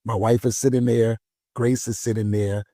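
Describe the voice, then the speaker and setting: A man's voice: medium pitch, moderate pace, dry recording, clean studio sound. A man, a pastor, telling a personal story in a casual conversation, acting out the voices of the people in it. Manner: animated storytelling, acts out voices.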